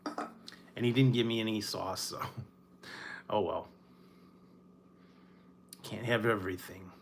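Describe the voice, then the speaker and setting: A man from Northern California chatting casually about fast food, rambling and laughing often between his words. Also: lowish voice, steady tone, a little hiss or hum. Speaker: food reviewer. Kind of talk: casual late-night chat.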